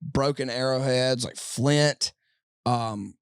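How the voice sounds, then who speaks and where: A man's voice: medium pitch, slow, smooth, dry recording, clean studio sound. A man from Mississippi, a podcast guest telling a long story in a loose, rambling way full of fillers, recorded inside a tour bus. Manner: rambling, lots of "like" and "dude". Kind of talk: casual storytelling.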